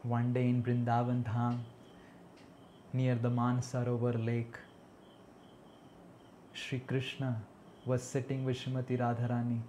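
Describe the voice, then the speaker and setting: A man's voice: medium pitch, completely flat delivery, measured pace, long pauses, dark tone, slight background noise. A man giving a devotional sermon with storytelling, earnest and drawing out his phrases. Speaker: preacher.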